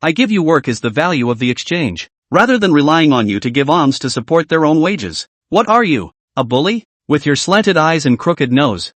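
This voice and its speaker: Man doing a mocking young man, cursing, animated pitch, dry sound. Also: moderate pace, hardly any pauses, no room sound. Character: young man insulting his former boss.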